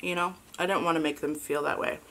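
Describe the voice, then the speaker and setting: A woman in her thirties chatting casually as a vlogger and mother, halting and soft with many fillers, fighting back tears. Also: sits low, fairly even intonation. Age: 30s. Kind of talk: casual confessional chat.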